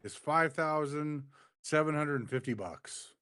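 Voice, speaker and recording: A man's voice: a little high, unhurried, sharp tone, smooth, no echo. Laid-back male podcast co-host. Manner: laid-back, mostly short agreeing interjections. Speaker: wrestling review co-host. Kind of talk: casual podcast chat.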